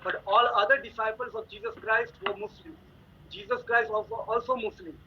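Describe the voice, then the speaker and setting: A man's voice: high voice, lively intonation, moderate pace. A man in a religious debate, steadily quoting chains of scholars and repeating citations. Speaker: Muslim debater. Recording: dull lo-fi audio with faint noise.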